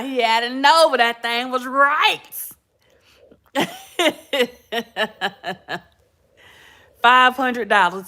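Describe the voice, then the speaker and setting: Speaking at a medium pitch with a sharp tone, this middle-aged podcast host chats casually with her viewers. She tells stories, laughs a lot and addresses everyone as y'all.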